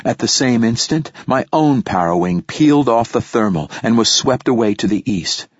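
A man narrating a story in the first person, in a steady, measured way. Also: medium pitch, breathy edge, no room sound. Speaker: audiobook narrator. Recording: dull lo-fi dry recording.

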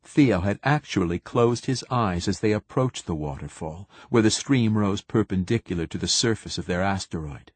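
Male narrator, low husky voice, dry booth sound, steady novel reading. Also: moderate pace, few pauses, no room sound. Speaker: audiobook narrator. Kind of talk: scripted narration.

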